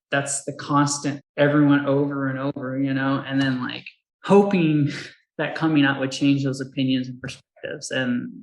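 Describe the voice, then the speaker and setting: A woman's voice: deep voice, reverberant, rough recording. A woman who fights and coaches Muay Thai, telling her story candidly in a casual interview, laughing often and acting out the people she quotes.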